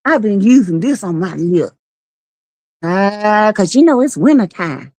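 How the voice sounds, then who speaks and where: A woman's voice: mid-range voice, big pitch swings, a little slow, darkish tone, no echo. A woman in casual live-stream chat, sassy and playful, teasing and greeting viewers by name.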